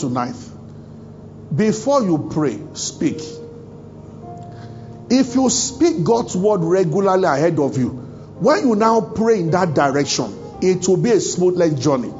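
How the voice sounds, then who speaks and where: Male African pastor, high-ish voice, humorous sermon delivery, muffled lo-fi church recording. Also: a little mellow. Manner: humorous, chuckling often, acts out quoted dialogue. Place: church service.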